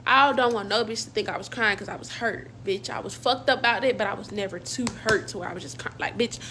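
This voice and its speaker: Young woman, slangy storytime vlog, animated retelling, faint background hiss. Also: mid-range voice, fast talker. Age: young adult.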